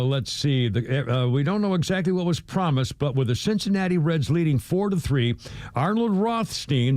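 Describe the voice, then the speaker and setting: A man's voice: fairly high pitch, darkish tone, dry recording. A male radio host in casual sports talk who rambles, hums, and chuckles between stories. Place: radio studio.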